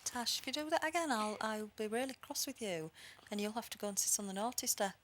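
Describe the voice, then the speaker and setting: Lively mum coaxing at bedtime. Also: female voice, a little high, fast talker, slight background noise. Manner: coaxing but firm, lively. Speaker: mother. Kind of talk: bedtime talk with a child.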